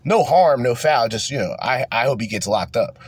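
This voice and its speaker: A man's voice: medium pitch, expressive, normal speed, breathy edge. A young man from New Jersey, hosting a podcast, delivers a rambling, profane and heated political rant in a casual tone. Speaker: podcast host.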